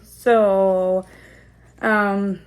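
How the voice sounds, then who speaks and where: A woman talking casually to the camera in a vlog, musing out loud with many fillers and restarts and explaining like a teacher. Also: medium pitch, flat delivery, extremely slow. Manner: explains like a teacher, checking in with "okay?" and "right?". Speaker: parenting vlogger.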